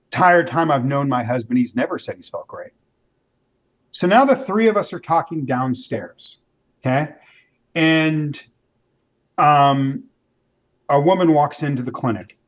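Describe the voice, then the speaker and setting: Male interview guest, animated storyteller, mid pitch, muffled lo-fi audio. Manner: animated storyteller, acts out quoted voices, many restarts. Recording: dull lo-fi sound.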